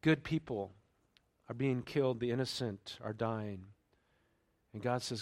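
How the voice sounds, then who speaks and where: A man preaching a sermon in a conversational way, checking in with the congregation and turning louder and higher when he reads scripture aloud. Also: measured pace. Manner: conversational preaching with frequent fillers and check-ins; raises pitch and volume when reading scripture aloud. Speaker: pastor.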